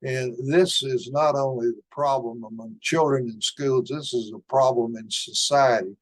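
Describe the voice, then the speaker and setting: An older man giving a conference lecture, talking slowly and deliberately through study results, with frequent pauses on "uh". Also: mid-range voice, steady tone, poor audio. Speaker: conference speaker.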